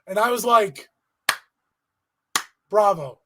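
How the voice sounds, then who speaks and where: A man co-hosting a podcast, telling a story in an animated way and swearing freely. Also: sits high, moderate pace, background noise. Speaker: podcast co-host. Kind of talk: casual chat recapping a wrestling event.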